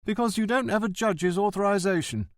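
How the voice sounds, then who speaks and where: A man reading an audiobook, voicing a pompous, self-important male post office director in a shrill, high voice. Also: a little fast, dry recording, clean studio sound, natural voice.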